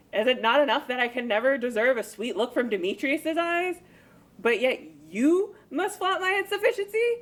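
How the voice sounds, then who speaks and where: A woman playing an insecure, self-pitying young woman in love, emotive and exasperated, in an amateur Shakespeare reading. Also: sits high.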